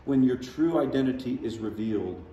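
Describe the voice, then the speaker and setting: A man's voice: mid-range voice, expressive, brisk, warm tone, highs cut off. A man, a pastor, preaching a sermon in a conversational style. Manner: conversational preaching with dramatic voiced quotes. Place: large church sanctuary. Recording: echoey church hall from far off.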